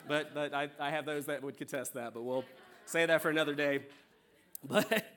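A man's voice: a little high, fairly even intonation, moderate pace. A young man from South Carolina with a faint Southern accent, a worship leader preaching a sermon in a church in a chatty, joking way. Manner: warm, chatty, joking with the congregation. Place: church sanctuary.

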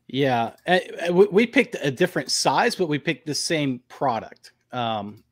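A man's voice: a little high, slow. Easygoing man co-hosting a podcast. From northern United States. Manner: relaxed, easygoing, sports banter. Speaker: podcast co-host. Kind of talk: casual live-stream chat.

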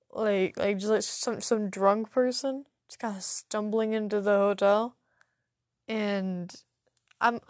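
A woman's voice: medium pitch, no echo, clean studio sound. A young adult woman hosting a podcast, telling a rambling, profane story full of stuttering restarts. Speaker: podcast host. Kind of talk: casual solo storytelling.

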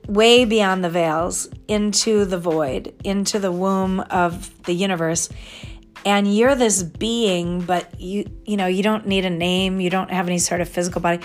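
A woman's voice: mid-range voice, steady tone, unhurried, soft background music. A woman in her fifties, an astrologer hosting her own show, talking in a casual, digressive way with laughing asides. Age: 50s. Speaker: podcast host and astrologer. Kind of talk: casual rambling monologue.

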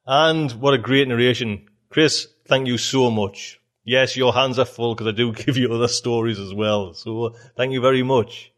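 A podcast host closing the show in a chatty, enthusiastic way, laughing as he talks. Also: mid-range voice. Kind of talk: casual show outro.

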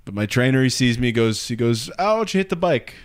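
Animated man telling a funny story. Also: mid-range voice, quick pace. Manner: animated storytelling, laughs often. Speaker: podcast co-host. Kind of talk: casual comedic chat.

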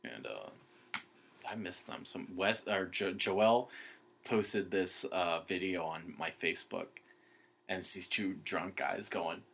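Young guy w a low husky voice, rambling and swearing through a story. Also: lively intonation, takes it slowly, fairly bright tone. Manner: rambling, profane, lots of fillers and restarts. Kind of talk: casual storytelling chat.

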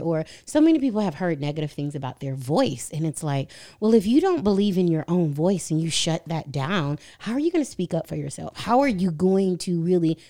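A woman's voice: fairly low pitch, sing-song, a little fast, hardly any pauses, warm tone. A woman voice teacher telling stories on a podcast in a casual, effusive way.

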